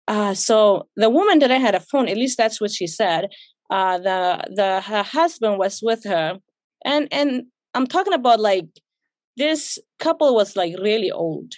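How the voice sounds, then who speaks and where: A woman's voice: mid-range voice, animated, measured pace, no room sound. A young woman, an interview guest, telling a personal story in conversation, emotional and acting out what people said to her. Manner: emotional, retells with quoted dialogue.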